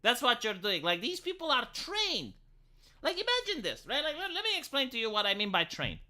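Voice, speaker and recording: A man holds forth on his live stream in a sharp, bright voice. His pitch leaps around as he rambles, tosses off sarcastic asides and swears without a second thought. It sounds like loose, opinionated late-night chat. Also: wildly swooping pitch, a little fast.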